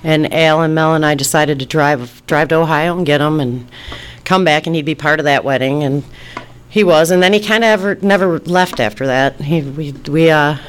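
A woman's voice: low voice, normal speed, a little hiss or hum. A woman from Detroit casually telling a personal story, rambling, restarting her sentences and laughing often. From Detroit, United States. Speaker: storyteller recounting her past.

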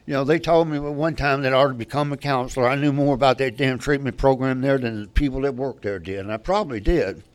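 A man's voice: medium pitch, fast, hardly any pauses. An older man telling his personal recovery story at a meeting, candid and rambling, often restarting his sentences.

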